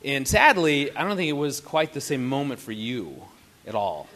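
A man's voice: medium pitch, very animated, moderate pace, a bit bright. A man telling a funny story to an audience at a family camp, playful and teasing. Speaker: married couple's co-speaker at a family camp.

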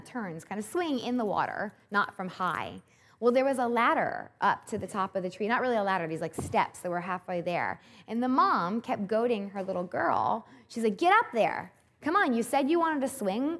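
A woman in her thirties giving an earnest devotional talk, telling a story with animation. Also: mid-range voice. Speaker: speaker at a Christian event.

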